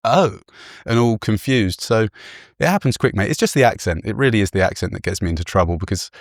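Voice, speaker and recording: A man's voice: deep voice, animated, quick pace, no echo, studio quality. A man from England, a podcast host, telling a travel story in a chatty, self-deprecating way and laughing often. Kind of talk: casual storytelling chat.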